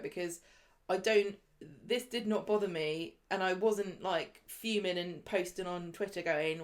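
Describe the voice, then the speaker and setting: Low-voiced English woman in casual chat. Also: measured pace. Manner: chatty, thinks aloud, swears lightly. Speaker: podcast co-host. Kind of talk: casual chat recapping a soap.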